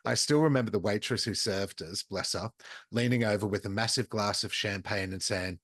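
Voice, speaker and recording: An Australian man with a slightly low voice chats playfully as a podcast co-host, dropping casual swear words. The sound is dry and close, with no room around it. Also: moderate pace, a bit bright, breathy edge, dry recording. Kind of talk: casual chat.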